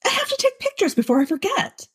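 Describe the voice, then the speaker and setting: A woman doing a high sing-song doting mom. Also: wildly swooping pitch, measured pace, exaggerated voice. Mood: excited. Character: gushing sentimental middle-aged mom. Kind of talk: audiobook character voice.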